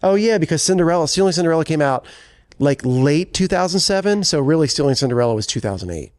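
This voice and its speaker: A man's voice: a little high, expressive, fast, no room sound. Chatty man, dry studio sound. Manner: rambling, self-correcting, chatty. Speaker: podcast co-host, country singer. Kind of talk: casual chat.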